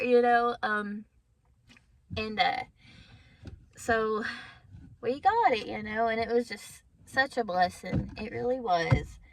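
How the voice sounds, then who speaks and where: Bright-voiced, emotional young mom vlogging. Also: female voice, on the high side, animated, unhurried. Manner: emotional, heartfelt, tearful at times. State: has a migraine. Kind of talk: casual personal vlog. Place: in her car.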